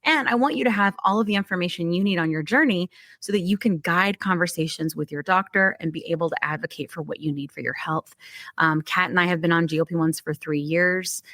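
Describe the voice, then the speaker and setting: A woman hosts a casual podcast, chatty and upbeat, with plenty of ums along the way. Her voice sits a little low for a woman. The sound is dry and close, with no room around it. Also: a little fast, a bit bright, no room sound. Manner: chatty and upbeat, frequent fillers. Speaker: podcast host.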